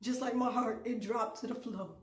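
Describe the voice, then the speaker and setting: A woman's voice: a little high, fairly even intonation, normal speed. A woman casually telling a personal story, rambling with lots of filler ums and restarts. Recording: echoey room.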